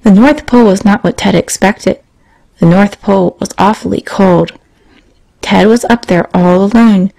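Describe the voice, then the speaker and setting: A woman narrating a children's moral story in a gentle storytelling manner, asking the young listeners questions. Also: mid-range voice, low-quality recording.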